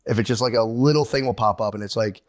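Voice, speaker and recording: A man's voice: on the low side, fast talker, no echo, clean studio sound. A man in his thirties co-hosting a podcast, rambling through stories and acting out what people said, swearing freely. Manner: rambling, acts out quoted voices, swears freely. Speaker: podcast co-host. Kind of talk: casual comedic chat.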